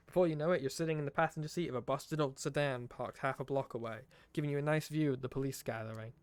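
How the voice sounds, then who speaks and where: A man streaming, reading a game's story aloud with expressive narration and wry asides. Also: medium pitch, fast talker, hardly any pauses, no echo.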